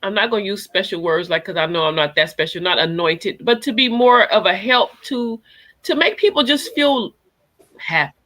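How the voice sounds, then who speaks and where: Lively older woman with a bright voice. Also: mid-range voice, moderate pace. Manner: lively, joking, reads viewer comments aloud. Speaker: podcast co-host. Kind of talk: casual chat.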